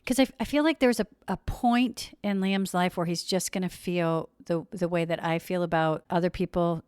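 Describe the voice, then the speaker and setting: A woman's voice: lowish voice, steady tone, moderate pace, darkish tone, smooth, no echo, studio quality. A woman podcast host and parent asking heartfelt, searching questions in an earnest way. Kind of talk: podcast interview.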